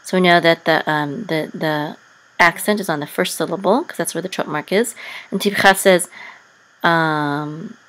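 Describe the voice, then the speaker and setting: A woman's voice: on the low side, moderate pace, a bit bright, poor audio. Patient woman teaching syllable by syllable. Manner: patient, careful, sounds out syllables and self-corrects. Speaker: Hebrew and Torah chanting teacher. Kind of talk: step-by-step language lesson.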